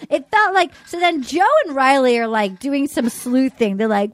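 A woman's voice: high voice, a little fast, few pauses, no echo. A woman hosting a casual chat, recapping a reality show and acting out quotes with lots of laughter. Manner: animated, laughing, acts out quotes. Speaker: podcast host.

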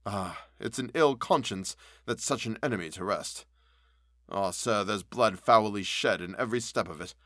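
A man reading a storybook voices a fearful old male butler who speaks low and hushed in old-fashioned phrases. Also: normal speed, no room sound, clean studio sound.

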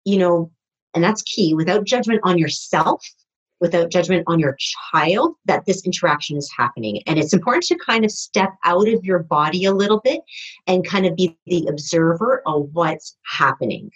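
A woman's voice: fairly low pitch, lively intonation, normal speed, breathy edge, highs cut off. A woman speaking as a podcast guest in a rambling, conversational way, often restarting her sentences. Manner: rambling, with many restarts and fillers. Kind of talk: conversational interview.

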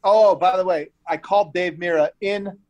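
A man guesting on a podcast, spinning a loose, rambling story in a relaxed, slangy way. His voice sits a touch higher than most men's, and he leans on "like" and "dude" and repeats words as he goes. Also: moderate pace. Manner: laid-back and slangy, full of "like" and "dude". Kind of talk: casual podcast chat.

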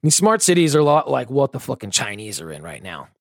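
A man's voice: medium pitch, very animated, fast, no room sound, studio quality. A man hosting a podcast, ranting with constant swearing and sarcasm. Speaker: podcast host. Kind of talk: profane ranting commentary.

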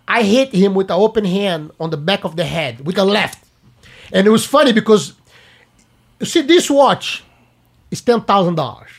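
A man's voice: sits high, moderate pace. A man from Brazil with a Brazilian Portuguese accent, telling a story in casual chat with much laughter. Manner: lively, laughing, acts out voices in his story. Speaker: guest storyteller.

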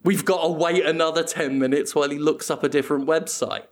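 A man's voice: on the high side, fairly even intonation, fast talker. A man hosting a comedy podcast, rambling playfully through an absurd improvised story and laughing at his own jokes. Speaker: podcast host.

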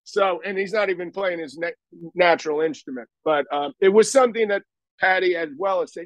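A man's voice: high voice, brisk, fairly bright tone, no echo, muffled recording. An older man telling stories in a casual interview, rambling and self-deprecating with many restarts. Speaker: guest.

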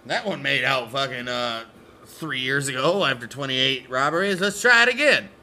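A man's voice: medium pitch, lively intonation, normal speed, bright, forceful tone. A man co-hosting a casual podcast who jokes, laughs often and swears while narrating. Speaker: podcast co-host. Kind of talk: casual storytelling chat.

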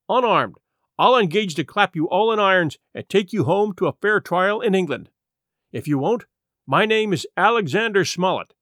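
Man playing stern sea captain, clipped orders, high lively voice, dry sound. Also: no room sound. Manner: clipped, commanding ultimatums. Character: stern defiant ship's captain, commanding.

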